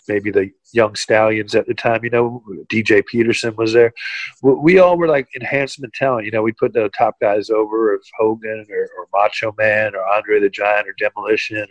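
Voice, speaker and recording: A man spins loose, rambling stories in a casual interview. His voice sits low, and he leans on "you know" between thoughts. The recording is dry and close. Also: no echo, dull audio. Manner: rambling, many "you know" fillers, laughs at own stories. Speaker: podcast guest, retired wrestler.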